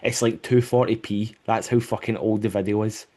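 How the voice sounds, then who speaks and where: A man's voice: on the low side, fairly even intonation, normal speed, mellow. A man hosting a podcast, chatting casually and enthusiastically, swearing now and then, recorded over a remote call. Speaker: podcast host.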